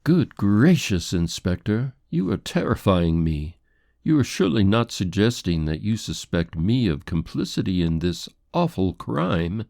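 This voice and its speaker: A man's voice: on the low side, sing-song, a little slow, vocal fry, darkish tone, no room sound, clean studio sound, voice pushed up, full character voice. A man voicing a haughty, indignant English society lady who speaks in a prim, defensive, formal way. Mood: alarmed.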